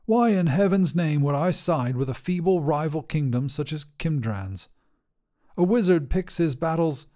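Brief: a sly wizard, put on by a male reader, voice pitched up and anxious, mellow tone. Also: expressive, unhurried. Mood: pleading. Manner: nervous, pleading, snappish. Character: fussy, sly middle-aged male wizard.

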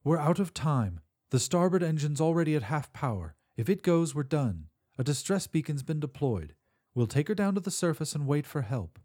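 A man doing a badly burned female starship captain in an audiobook, giving orders in a raised, lively voice. She stays steady and commanding under pressure, and her tone is soft and husky. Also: fairly high pitch, moderate pace, voice pushed up. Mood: calm.

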